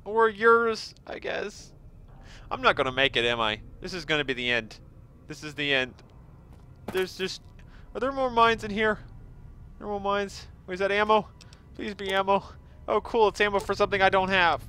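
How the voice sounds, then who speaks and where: A man giving excitable let's-play commentary over a game, yelping and gushing over every find. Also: high-pitched, moderate pace, a little hiss or hum. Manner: excitable, yelps and gushes over finds. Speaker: gaming video host.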